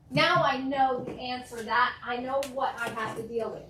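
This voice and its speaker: A woman teaching a live real estate negotiation class to an audience, talking in a lively way and acting out phone calls. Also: a little high, normal speed, hardly any pauses. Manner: lively, acts out phone calls and client replies. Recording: echoey room from a distance, faint noise.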